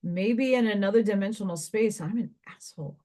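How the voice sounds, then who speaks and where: A woman's voice: mid-range voice, fairly quick, dark tone. A woman with an ordinary mid-range voice talks to her viewers in a loose spiritual monologue. She meanders from point to point and thinks aloud. She drops casual asides along the way, like a card reader chatting with her regulars.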